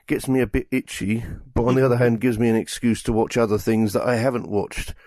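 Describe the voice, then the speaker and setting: A man in his fifties co-hosting a podcast, wandering through anecdotes and slipping into little acted-out quotes. His voice sits at a middling pitch. The sound is dry and close, with no room around it. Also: brisk, dry recording. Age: 50s. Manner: rambling, animated storytelling with acted-out quotes. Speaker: podcast co-host. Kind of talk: casual chat.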